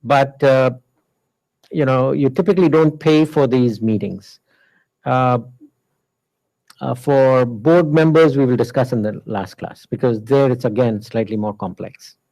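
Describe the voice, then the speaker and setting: A man teaching a class in a relaxed, conversational lecture style, with frequent fillers. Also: mid-range voice, unhurried, poor audio. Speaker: instructor.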